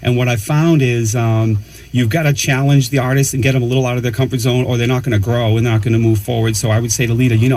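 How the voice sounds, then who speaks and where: A man talking as a musician and producer guest in a casual radio interview, relaxed and chatty, often saying "man" and "you know". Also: medium pitch, quick pace, low-quality recording.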